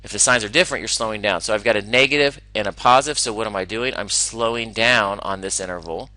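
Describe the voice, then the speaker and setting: A man teaching a recorded math lesson, enthusiastic and talking himself through each problem with quick asides. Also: fairly low pitch, sharp tone, dry recording, poor audio.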